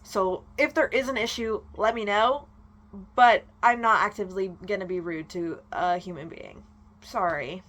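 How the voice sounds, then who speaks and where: Young woman, vlogger, casual rant, animated, swearing, heated. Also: mid-range voice, moderate pace. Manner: animated, ranting, swears a lot. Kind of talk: casual chat.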